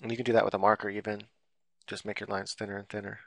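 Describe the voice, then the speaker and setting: Gravelly low-voiced man teaching drawing. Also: flat delivery, quick pace, no echo. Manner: rambling, loose explanations full of fillers. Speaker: drawing instructor. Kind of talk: casual screen-recorded drawing tutorial.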